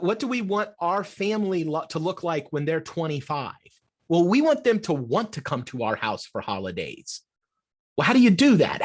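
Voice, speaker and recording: A middle-aged man, an adoptive father, answering an interview question in an earnest, animated way, restarting his sentences often. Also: on the high side. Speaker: podcast guest, adoptive father.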